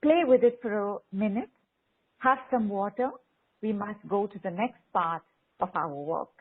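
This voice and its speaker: A woman guiding a group call through spoken affirmations, slow and coaxing, repeating phrases and reading out messages. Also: medium pitch, breathy edge. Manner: slow, repetitive, coaxing, reads out participants' messages. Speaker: spiritual teacher leading a group call. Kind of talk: guided affirmation session. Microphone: online video call. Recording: phone-like online call audio.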